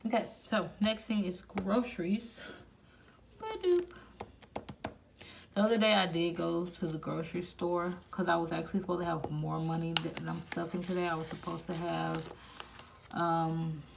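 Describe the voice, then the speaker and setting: A woman hosting a budgeting vlog, quietly counting cash aloud and chatting casually to viewers between counts. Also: lowish voice, little pitch movement, moderate pace, creaky. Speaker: budgeting channel host. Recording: noisy home recording.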